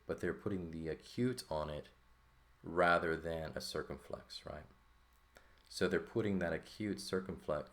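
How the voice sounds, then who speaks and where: A man teaching a lesson, explaining step by step at a board and often checking in with the listener. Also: rumbling low. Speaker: Greek teacher.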